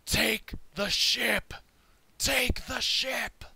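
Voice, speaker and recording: Guy doing a pirate captain yelling at his crew, loud and high, bright voice. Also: steady tone, extremely slow, breathy edge, no echo, full character voice. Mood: bellowing. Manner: bellowing battle cry.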